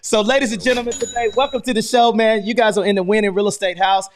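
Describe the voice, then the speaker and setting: A man from the United States hosts a live real estate stream, chatting casually and with lots of energy, using plenty of slang and repeating "man" often. His voice is high and steady, and he talks at a quick pace.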